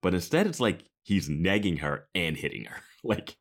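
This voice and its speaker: A man's voice: low voice, big pitch swings, moderate pace. A man co-hosting a podcast in casual chat, laughing often and wandering into asides. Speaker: podcast co-host.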